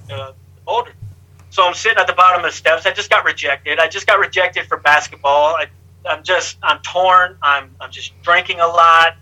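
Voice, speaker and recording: A man's voice: sits high, low-quality recording. A man being interviewed, telling his life story candidly in blunt, streetwise language and acting out what others said. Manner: lively, acts out other people's lines. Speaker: interview guest.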